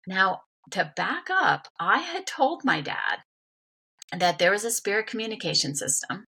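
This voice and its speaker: A woman's voice: mid-range voice, unhurried, creaky, husky. A middle-aged woman from Vermont telling a personal story in a casual interview, talking animatedly and acting out quoted voices. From Vermont, USA. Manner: animated, acts out quoted voices, many "like" fillers. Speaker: guest.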